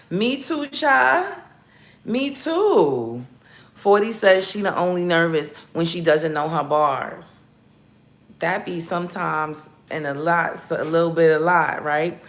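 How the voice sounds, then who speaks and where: A woman whose voice is on the low side and a bit bright hosts a laid-back livestream on battle rap, talking with viewers in a blunt, profane, and playful manner. The recording sounds like a roomy, echoey room.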